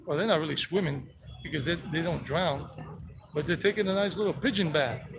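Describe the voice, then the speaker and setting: Brisk and fairly high-pitched, a man leads a walking-tour vlog through a town square. He's chatty and playful, a travel vlogger and guide who chats with animals, while outdoor street noise carries in the recording.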